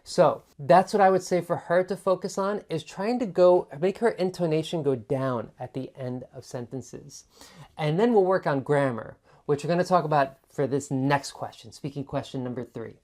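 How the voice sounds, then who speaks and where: A woman's voice: low-pitched, moderate pace, mellow. A woman tutor explaining test answers in a chatty teaching manner, demonstrating intonation by repeating words. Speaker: TOEFL tutor. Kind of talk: explaining student sample answers.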